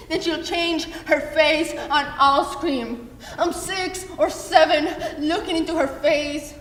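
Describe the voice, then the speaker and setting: Teen girl, high bright voice, slow, intense solo monologue, echoey hall. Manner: intense, halting, emotional delivery. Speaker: student performer. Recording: echoey hall, faint ambience.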